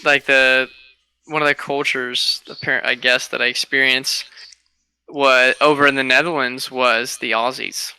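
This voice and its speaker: A young man co-hosting a podcast, chatting casually and telling lively stories with frequent laughter. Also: medium pitch, measured pace, clean tone. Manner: animated storyteller, laughs often. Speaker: podcast co-host. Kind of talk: casual chat.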